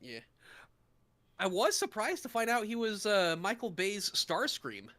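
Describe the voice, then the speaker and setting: Bright, animated podcast co-host man. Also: sits high. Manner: animated, laughs often, quick asides. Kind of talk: casual chat.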